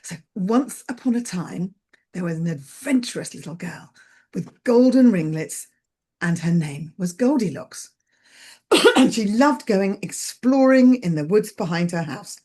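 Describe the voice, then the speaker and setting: Husky woman storyteller. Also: mid-range voice, expressive, a little slow, a little mellow. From England. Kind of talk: oral storytelling performance.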